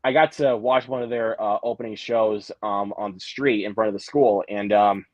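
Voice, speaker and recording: A man's voice: on the low side, fairly even intonation, normal speed, no room sound, dull audio. A young man hosting a casual live-stream chat, rambling through stories with lots of fillers and restarts. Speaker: host.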